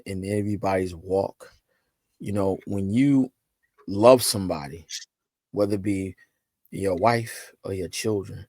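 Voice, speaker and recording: A man speaking chats as a podcast guest. He tells stories with energy and jumps his voice up when he quotes family and friends. The sound is close and dry, with no room echo. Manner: animated storyteller, acts out quotes with rising pitch. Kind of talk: casual podcast conversation.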